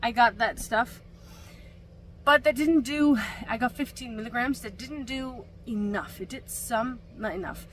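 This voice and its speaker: A woman's voice: a little high, measured pace, a bit bright, slight background noise. A young woman chatting in a casual vlog, rambling with many fillers and restarts. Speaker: vlogger. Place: camper van.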